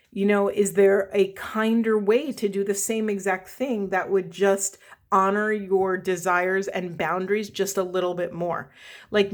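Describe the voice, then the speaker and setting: A woman delivers a spiritual tarot reading in an earnest, rambling monologue, pausing to correct herself and apologize. Her voice is wearing thin and strained, and it sits at a middling pitch. She slows down to repeat her key phrases with emphasis. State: losing her voice. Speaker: tarot reader.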